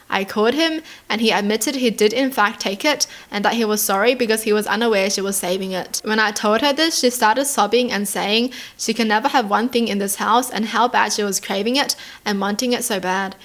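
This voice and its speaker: With a medium-pitched, slightly bright voice, this Australian woman reads stories from the internet and reacts casually, chatting away with lots of "like" and "dude." She slips in giggly asides as she goes.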